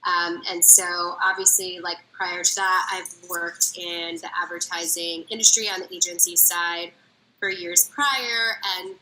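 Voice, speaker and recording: Bright-voiced casual woman guest. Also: on the low side, steady tone, measured pace, slight background noise, rough recording. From Minnesota. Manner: casual, frequent "like" and "um" fillers, short answers. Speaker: interview guest, agency executive. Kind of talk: casual interview answers.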